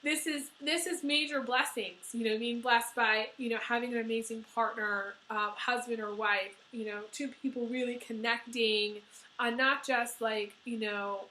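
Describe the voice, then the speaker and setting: Woman tarot reader, teary and emotional, bright and a bit high voice. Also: fairly even intonation, moderate pace, reverberant, rough recording. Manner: emotional, teary, many fillers. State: crying. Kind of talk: tarot reading video.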